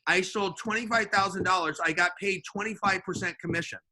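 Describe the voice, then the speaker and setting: A man's voice: sits high, brisk. A man telling a sales story in casual chat, acting out the voices of the people in it. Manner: animated, acts out voices in his story. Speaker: sales guest.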